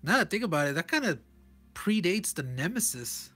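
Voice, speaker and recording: A man's voice: sits high, very animated, brisk, pushed and bright, husky. A man casually reviewing a comic page by page, chuckling often and correcting himself in rambling asides. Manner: chuckles often and reads panel text aloud.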